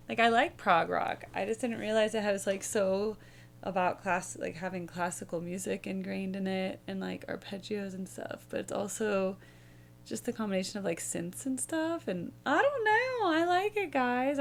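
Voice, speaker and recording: A woman's voice: medium pitch, gravelly. A young woman hosting a music reaction video, musing casually and humming bits of melody as she rambles.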